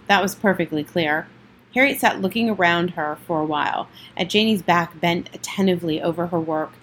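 A woman reading a children's novel aloud in a plain, steady way, with the odd slip and restart. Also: fairly low pitch, a little hiss or hum. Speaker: audiobook reader.

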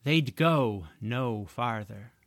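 A man narrating a chapter of a children's fantasy audiobook in a slow, expressive storytelling manner. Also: medium pitch, no echo, clean studio sound.

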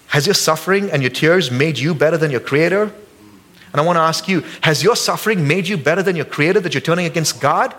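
A man preaching a sermon as pastor in a church service, casual and joking with the congregation, jumping high in pitch when acting out quotes. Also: quick pace, fairly bright tone.

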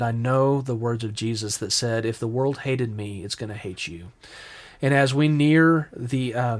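Man, podcast co-host, reflective and halting, mid-pitched, faith talk. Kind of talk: casual Christian podcast discussion.

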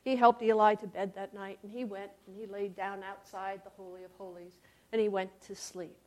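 A woman storyteller telling a tale for all ages, expressive and shifting from loud to hushed with dramatic pauses. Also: medium pitch.

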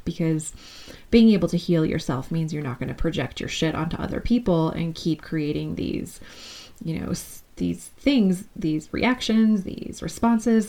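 A woman's voice: fairly low pitch, warm tone. A woman in her thirties hosting a solo podcast, talking candidly and affectionately straight to her listeners. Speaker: podcast host.

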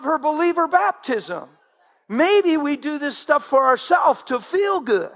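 A man preaching a sermon as a pastor, animated, laughing and acting out quotes. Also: very high-pitched, a little slow.

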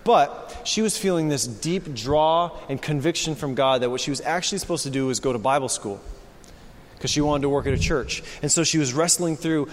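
High-voiced preacher in a reverberant hall. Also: male voice, brisk. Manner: dynamic preaching, swinging from hushed to loud. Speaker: pastor. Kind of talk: sermon. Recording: long reverb of a large hall.

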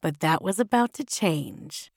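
A woman storyteller reads a children's story aloud, chatting playfully to the listener between lines. Her delivery is slow and unhurried with a lively, swooping pitch. The recording is close and dry. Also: creaky, no echo. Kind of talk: scripted storybook narration.

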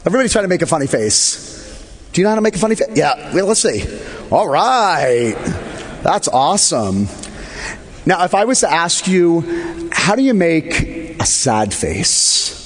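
A pastor talks with children during a church service, his voice a little husky and full of rising and falling pitch. He is gentle and playful as he coaxes them along, and his words ring out into a hall with a long echo. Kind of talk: children's sermon. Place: church sanctuary.

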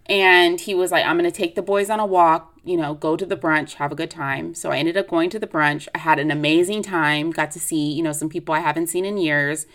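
Late-20s woman podcasting, chatty and confessional, kinda low voice. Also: steady tone, a little fast, hardly any pauses, a bit bright. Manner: chatty, confessional, lots of fillers. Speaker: podcast host. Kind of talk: casual personal chat.

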